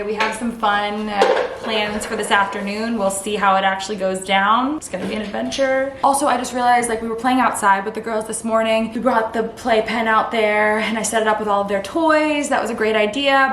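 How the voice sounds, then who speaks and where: A woman's voice: on the high side, a bit bright, a little hiss or hum. Chatty woman vlogging in an echoey room. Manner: rambling, chatty, heavy use of "like". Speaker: vlogger and mom of twin toddlers. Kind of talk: casual vlog chat to camera. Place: at home.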